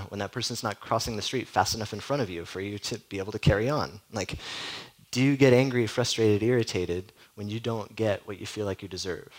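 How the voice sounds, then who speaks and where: A man's voice: on the low side, a little fast, rough recording. A man preaching a sermon as a pastor, in a conversational way full of "like" and direct questions to the listeners.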